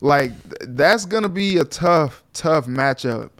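Relaxed, rambling sports talk man. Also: on the high side, unhurried. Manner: relaxed, rambling, many fillers. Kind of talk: casual sports chat.

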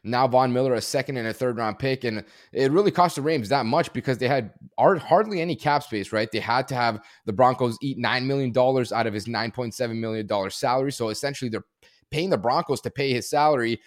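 A man's voice: medium pitch, no echo, clean studio sound. A man talking as a guest analyst in a casual sports discussion, emphatic and full of fillers. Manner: fast, emphatic, frequent fillers.

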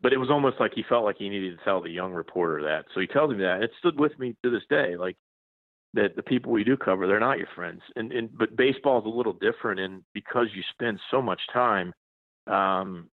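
A man in his forties with a very low, deep voice talks casually as a journalist guest. He rambles, restarting sentences and filling gaps with ums. The sound is dry and thin, like a phone call. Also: fairly quick, no room sound. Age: 40s. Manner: rambling, many restarts and fillers. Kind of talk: casual interview chat. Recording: tinny phone line, dry.

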